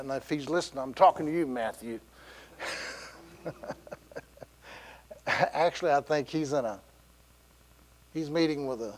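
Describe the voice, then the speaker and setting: High-voiced preaching pastor. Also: male voice. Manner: storytelling with laughs and quoted voices. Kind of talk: sermon. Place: church sanctuary.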